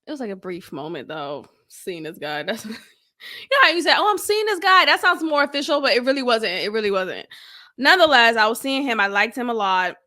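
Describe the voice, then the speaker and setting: Woman host, high bright voice, animated commentary. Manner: animated and expressive, acts out quotes. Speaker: podcast host reviewing an interview. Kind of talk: casual commentary.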